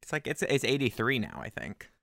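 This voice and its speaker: Gravelly, animated man riffing on a movie. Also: medium pitch, fairly quick, dry recording, clean studio sound. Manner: joking, animated asides. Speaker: co-host watching a movie. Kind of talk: casual movie watch-along chat. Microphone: desk microphone.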